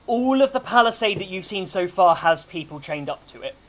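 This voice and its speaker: A man's voice: sits high, animated, a little fast, a bit bright. A man narrating a tabletop game as game master, casual and swearing freely.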